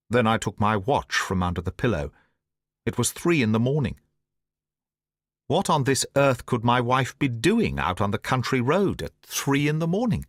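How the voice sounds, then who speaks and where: A man's voice: mid-range voice, no echo. Man reading an audiobook, dry sound. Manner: measured, deliberate storytelling in first person. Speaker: audiobook narrator. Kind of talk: scripted audiobook narration.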